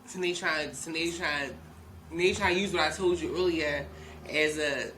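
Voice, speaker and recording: A man's voice: on the high side, normal speed, bright, forceful tone, slight background noise. A man co-hosting a podcast in casual chat, often agreeing and adding to the story. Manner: reacts with frequent agreeing murmurs. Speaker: podcast co-host.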